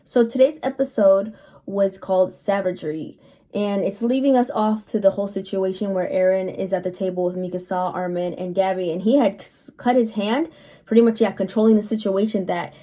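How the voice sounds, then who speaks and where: A woman's voice: mid-range voice, fairly even intonation, a little fast, dark tone. A woman giving a casual, chatty episode recap, telling the story loosely with lots of fillers. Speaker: anime reviewer.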